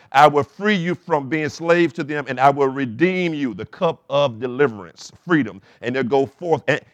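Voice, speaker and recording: A man's voice: medium pitch, no room sound. A male pastor preaching a sermon, reading scripture aloud and calling on the congregation to answer back. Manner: preaching with call-and-response prompts; reads scripture aloud between points.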